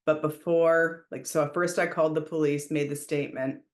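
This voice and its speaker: A woman's voice: low voice, normal speed. Woman telling a story in an echoey room. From Canada. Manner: emphatic, animated retelling with raised quoted shouts. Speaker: podcast host. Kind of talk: casual storytelling monologue.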